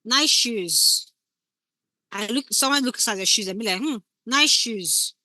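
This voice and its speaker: A woman's voice: medium pitch, measured pace, sharp tone, dry recording. A woman teaching scriptwriting in a casual lecture, acting out short example lines as she explains. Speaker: scriptwriting instructor.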